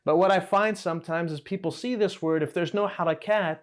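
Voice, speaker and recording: A man teaching an Arabic lesson in a relaxed way, explaining step by step, quizzing the listener and correcting himself. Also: sits high, a little fast.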